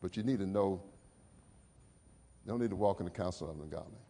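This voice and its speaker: A middle-aged male pastor preaching a sermon. He tells personal stories emotively, rising high and loud, then dropping low and soft. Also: brisk, creaky.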